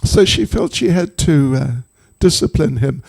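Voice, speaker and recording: A man tells a devotional story slowly and unhurriedly, his fairly high voice carrying a gravelly, creaky grain. He speaks as a spiritual teacher, tossing humorous, chatty asides to his listeners. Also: expressive, a little mellow.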